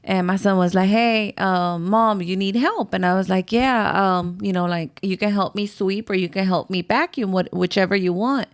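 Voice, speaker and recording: A woman's voice: medium pitch, normal speed, few pauses. A middle-aged woman casually telling a spooky story on a podcast, rambling and acting out quotes. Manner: rambling, swears, acts out quotes. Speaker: podcast host.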